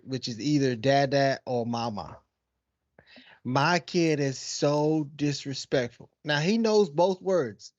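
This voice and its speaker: A man's voice: medium pitch, darkish tone, dry recording. Slangy man with a dull dry sound. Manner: laughing, slangy storyteller, mimics his toddler. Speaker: podcast co-host. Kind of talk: casual chat.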